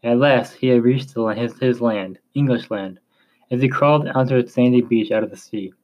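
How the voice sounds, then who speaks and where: A man narrating a chapter of a story in a slow, measured reading voice. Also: medium pitch, highs cut off.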